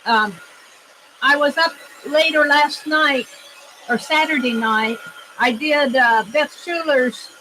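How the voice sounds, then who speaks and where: High-voiced chatty woman crafter. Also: noisy background. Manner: chatty, cheerful, thinks aloud while working. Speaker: craft vlogger. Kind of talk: casual crafting vlog chat. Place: home craft room.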